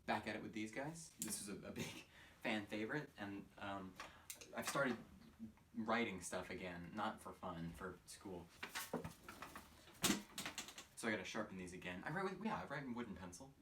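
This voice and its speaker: A man's voice: lowish voice, expressive. A young man in a rambling, sarcastic comedy monologue, mocking himself as he talks in his own room. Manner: sarcastic, self-mocking, fast and scattered. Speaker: comedic vlogger. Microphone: phone camera. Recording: voice a bit far from a phone mic, with faint noise.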